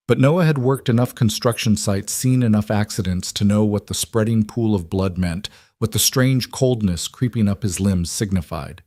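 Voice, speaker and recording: A man narrating a dramatic story in a steady, scripted storytelling manner. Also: fairly low pitch, moderate pace, few pauses, no echo, studio quality.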